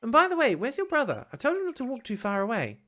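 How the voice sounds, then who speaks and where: Fretful, brisk mother, read by a woman gamer; pitched up above her usual voice, pitch jumping widely. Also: wildly swooping pitch, fairly bright tone. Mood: anxious.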